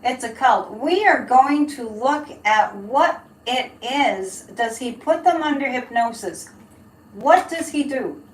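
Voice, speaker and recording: Woman, psychic live-streamer, chatty and rambling, fairly high voice, echoey room. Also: lively intonation, slow. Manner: chatty, laughing, rambling asides to chat. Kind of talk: live-stream tarot reading and chat. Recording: echoey room, faint background hiss.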